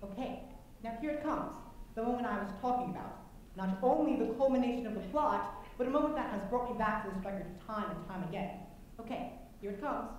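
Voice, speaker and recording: A woman acts out a wistful, chatty man who confides in the crowd about his favorite old record. The voice sits a bit high and comes from far off across a big echoing auditorium, with faint room noise behind. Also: lively intonation, brisk, a little mellow, natural voice. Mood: confiding. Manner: confiding asides to the audience. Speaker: stage narrator. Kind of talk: live stage musical acting. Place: school auditorium stage. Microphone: distant camera mic. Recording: echoey hall from far off.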